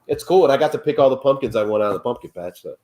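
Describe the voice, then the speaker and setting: Lively man with a Midwestern twang. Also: mid-range voice, very fast. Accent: Midwestern country twang. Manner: animated storyteller who acts out quoted voices. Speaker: guest pumpkin carver. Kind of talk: casual chat.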